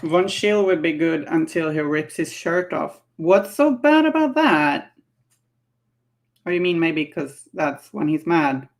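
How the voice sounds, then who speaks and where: A woman talks unhurriedly while she paints miniatures, in a relaxed, casual chat. Her voice has a gravelly edge of vocal fry, and she laughs easily and thinks out loud. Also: sits low, a little slow, few pauses. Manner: chatty, laughing, musing aloud.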